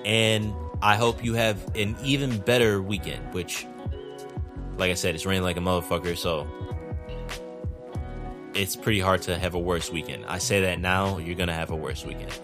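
Low-voiced rambling podcast man. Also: fairly even intonation, moderate pace, over music. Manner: rambling, profane, self-deprecating, many restarts. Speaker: podcast host. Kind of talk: casual solo podcast monologue. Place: indoors at home, rainy night.

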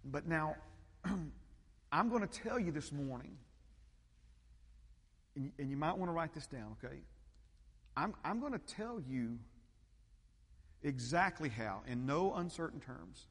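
A man's voice: a little high, animated, slow pace, long pauses, fairly bright tone, slightly rough. A man preaching a sermon, emphatic and repetitive, rising to fervent peaks. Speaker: pastor. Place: church sanctuary. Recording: long church reverb.

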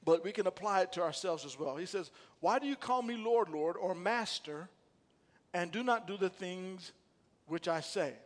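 A man preaching with a high, bright-pitched voice, calling out questions to his congregation and building to loud emphatic lines. His words ring out with a long hall reverb from the sanctuary. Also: expressive, moderate pace. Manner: call-and-response preaching, rising to emphatic bursts. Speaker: pastor. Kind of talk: sermon. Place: church sanctuary.

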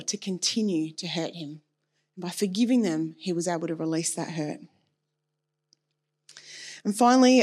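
A woman delivers a sermon in an earnest, conversational manner. Her voice sits in a mid range. She talks from her own experience, openly and warmly personal in tone. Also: mid-range voice. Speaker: preacher.

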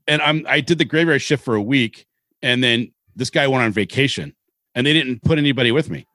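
A man's voice: medium pitch, a little fast, no room sound. Middle-aged man from Seattle, rambling anecdotes. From Seattle, Washington. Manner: rambling, animated anecdotes with casual swearing. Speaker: podcast co-host. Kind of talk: casual storytelling chat.

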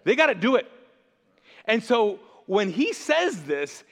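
Man, pastor, sermon, high voice, animated joking storyteller, long reverb in a big hall. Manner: animated, jokey storytelling with quick put-on voices.

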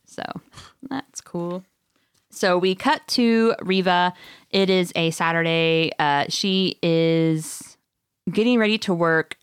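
A woman hosting a casual chat, recapping a story in an animated, giggly way. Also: lowish voice, slow pace, clean tone, no echo, studio quality. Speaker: podcast host recapping a book.

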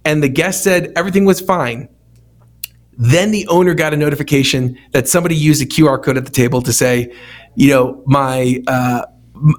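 A man who runs a restaurant feedback company tells stories in casual conversation, animatedly acting out what people said. His voice is medium-pitched and moderately paced.

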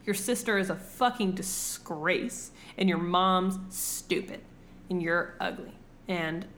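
A woman's voice: lowish voice, slow, a bit bright, slight background noise. A woman voicing a haughty, rude older aristocratic lady who throws crude modern insults. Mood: contemptuous.

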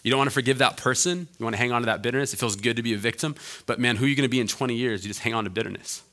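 A man preaching a sermon as a pastor, animated and jokey with many fillers and restarts, dropping low and quiet for earnest points. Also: very fast.

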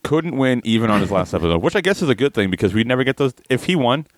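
A man's voice: medium pitch, big pitch swings, quick pace, dry recording. A man hosting a comedy podcast, casually explaining how the show works with lots of ums and laughs. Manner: rambling with fillers and laughs. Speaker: podcast host.

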